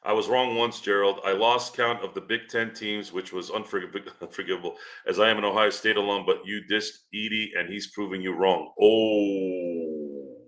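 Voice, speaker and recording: A man's voice: on the low side, steady tone, moderate pace, a bit bright. A man hosting a casual sports stream, rambling and teasing the people in his chat. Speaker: podcast host.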